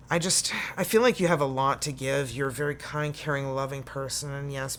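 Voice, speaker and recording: A woman's voice: extremely low pitch, gravelly, slight background noise. A Canadian woman giving a casual, chatty tarot reading to camera, full of folksy sayings. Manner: chatty and folksy, full of "you know" and "okay". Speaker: tarot reader.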